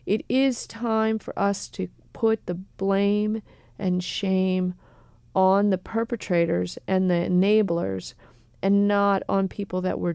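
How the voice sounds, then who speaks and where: A woman attorney answering questions on a radio talk show in a careful, measured way with frequent pauses. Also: mid-range voice, gravelly, a little mellow, smooth, no room sound, clean studio sound. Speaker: attorney guest.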